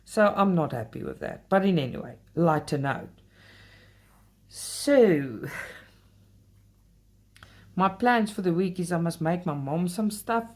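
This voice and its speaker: Lower-voiced woman chatting. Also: animated, takes it slowly, long pauses, darkish tone. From South Africa. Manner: talkative, heated when complaining, speaks straight to viewers. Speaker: cross-stitch channel host. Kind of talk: casual chatty craft vlog.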